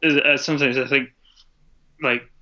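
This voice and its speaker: Brief: Scottish-born male guest on a video call, bright flat delivery, muffled lo-fi audio. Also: medium pitch, measured pace. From Scotland. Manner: rambling, hesitant, laughs often. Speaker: podcast guest, drummer. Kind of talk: casual interview chat. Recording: dull lo-fi internet call audio.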